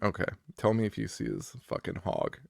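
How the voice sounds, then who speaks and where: A man co-hosting a podcast, chatting casually and excitedly about a horror movie, swearing often. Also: on the low side, a little fast, vocal fry, no echo, clean studio sound. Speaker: podcast co-host.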